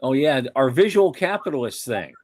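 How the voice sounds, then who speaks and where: An older man co-hosting a podcast, chatting casually in a joking, lively way. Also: medium pitch, moderate pace. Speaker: podcast co-host. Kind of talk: casual chat.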